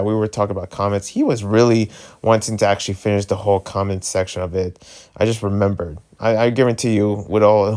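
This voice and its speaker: Filming a vlog in a hotel room, this man speaks with a New Jersey accent in a lowish, darkish voice. He chats in a rambling way, interrupting himself and joking as he goes.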